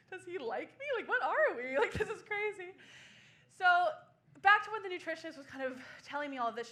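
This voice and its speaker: A woman's voice: high-pitched, sharp tone. A woman in her twenties doing a sardonic, self-mocking stand-up comedy set on a small club stage.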